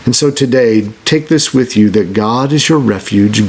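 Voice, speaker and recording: A man preaching a sermon as pastor, earnest, restarting phrases and slowing down on scripture. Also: medium pitch, slight background noise. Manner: earnest, repeats words when starting a phrase.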